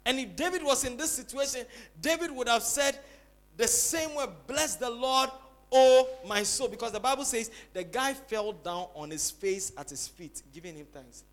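A man preaching a sermon as pastor, swinging between loud exclamations and soft quick asides. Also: very high-pitched, animated.

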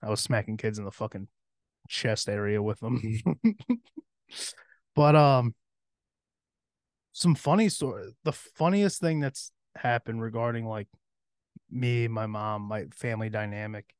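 A man's voice: fairly low pitch, a little slow, long pauses, no room sound, studio quality. A young man hosting a podcast, telling a rambling, profanity-laced story from his teen years and laughing along. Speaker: podcast host. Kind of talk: casual storytelling.

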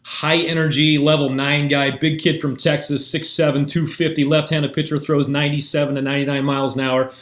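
A man's voice: on the high side, fairly quick, hardly any pauses. Storytelling man in an echoey room. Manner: relaxed, anecdotal, with frequent fillers. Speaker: guest, mental performance coach. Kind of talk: conversational storytelling.

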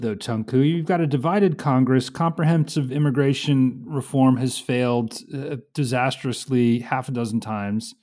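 A man interviewing a guest, asking direct and brisk questions. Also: medium pitch, steady tone, a little mellow.

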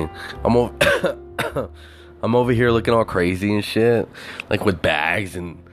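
A man telling a story in a casual, animated rant, swearing constantly and filling his talk with "like" and "you know". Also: on the low side, slow pace, pauses often, faint music behind. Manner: animated, heavy swearing, many fillers.

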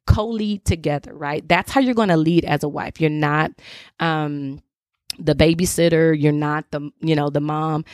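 A woman's voice: lowish voice, normal speed, a little mellow, dry recording, studio quality. A woman hosting a faith-based talk show, giving direct, emphatic advice to wives in an informal, preachy way. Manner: informal, addresses listeners as y'all. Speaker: podcast host.

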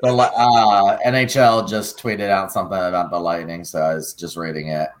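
A man co-hosting a casual hockey chat, reading out stats in a steady, even delivery. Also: sits low, moderate pace. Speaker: co-host.

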